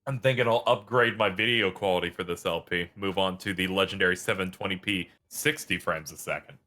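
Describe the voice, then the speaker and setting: A man's voice: sits low, fairly quick, sharp tone, slight background noise. Tired, dry-humored man. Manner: dry, self-deprecating, swears casually. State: tired from staying up all night. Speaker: co-host of a game stream. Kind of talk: casual chat.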